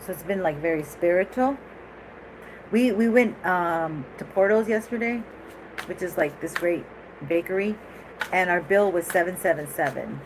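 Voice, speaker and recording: Chatty low-voiced woman reading tarot. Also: normal speed, noisy background. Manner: chatty, animated, laughs often, rambling asides. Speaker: tarot reader.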